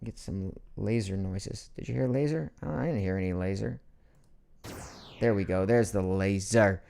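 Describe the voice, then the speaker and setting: A man's voice: fairly low pitch, normal speed, creaky, slight background noise. A middle-aged man hosting a casual live online show from a home studio, joking and slipping into mock outrage. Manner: animated, jokey, swings into mock outrage. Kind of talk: casual livestream chat.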